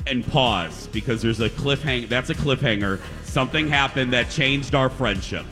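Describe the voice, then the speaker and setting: A man's voice: mid-range voice, moderate pace, over music. A man hosting a casual chat show, upbeat and joking. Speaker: podcast host.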